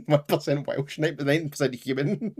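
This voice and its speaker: A man's voice: fairly high pitch, animated, moderate pace, a little mellow, husky. A man co-hosting a history podcast, chatting casually, rambling and often laughing. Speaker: podcast co-host.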